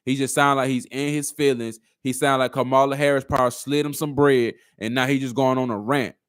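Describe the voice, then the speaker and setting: A man's voice: medium pitch, steady tone, brisk, clear, resonant tone, dry recording, studio quality. A man doing reaction commentary on a video clip, arguing through a string of rhetorical questions.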